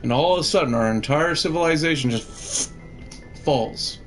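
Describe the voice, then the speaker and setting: A man's voice: a little high, normal speed, soft background music. A man giving casual, rambling gameplay commentary, swearing freely and laughing often. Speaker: gamer, channel host.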